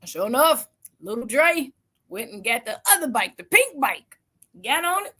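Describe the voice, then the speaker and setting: Middle-aged woman, higher voice, motivational speaker, animated storyteller who acts out quotes. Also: moderate pace, slightly rough. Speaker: event speaker. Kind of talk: motivational talk.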